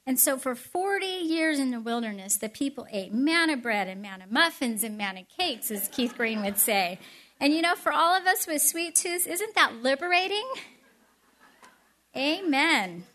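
A middle-aged woman giving a storytelling sermon with chatty, animated asides. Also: high-pitched, moderate pace. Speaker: speaker at a Christian event.

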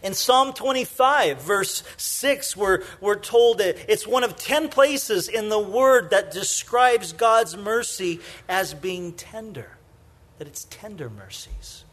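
A man with a high-pitched voice delivers a sermon in a relaxed, chatty way, peppered with "you know." He tells stories with energy, then sinks into quiet, tender emphasis on his main points. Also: slow. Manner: conversational preaching, many "you know" fillers; shifts from lively storytelling to soft, hushed emphasis. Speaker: pastor.

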